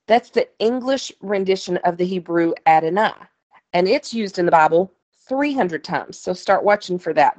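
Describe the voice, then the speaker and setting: Woman, Bible study teacher, lower-pitched voice; reads verses, then chats through them with the class. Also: darkish tone. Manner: explains plainly, conversational asides to listeners. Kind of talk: Bible lesson with scripture reading.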